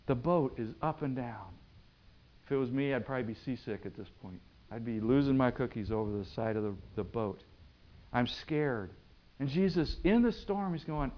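Pastor, male, dramatic sermon delivery with sharp loud and soft swings, dull lo-fi recording. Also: mid-range voice, lively intonation, moderate pace.

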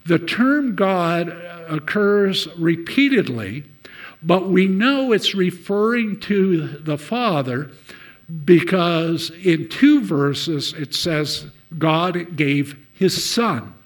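A man preaching a sermon, telling a story and loudly acting out the lines of the people in it. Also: high-pitched, expressive, extremely slow. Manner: storytelling, shouts out acted quotes.

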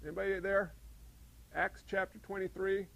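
A man preaching a sermon, animated and asking his listeners questions. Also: high-pitched, moderate pace, creaky, low-quality recording. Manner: animated, asks the congregation questions. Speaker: pastor.

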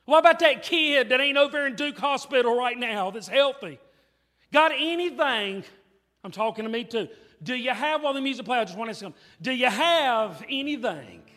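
A preacher delivers an emphatic, repetitive revival sermon in a very high, bright, forceful voice. His words ring out with the long reverb of a church hall, and soft music plays faintly underneath. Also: fairly quick. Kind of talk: revival sermon with altar call. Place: church sanctuary.

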